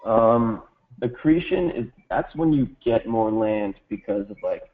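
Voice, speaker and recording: A man's voice: mid-range voice, animated, a little slow, phone-quality sound. A man answering as a student in a casual tutoring session, laid-back and hesitant, feeling his way through answers. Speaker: exam student.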